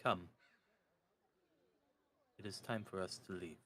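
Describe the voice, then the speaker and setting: Casting: a man playing a deep-voiced vampire lord, formal, measured, in a tabletop game. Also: a bit bright, dry recording, exaggerated voice. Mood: commanding. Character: courtly, controlled male vampire lord.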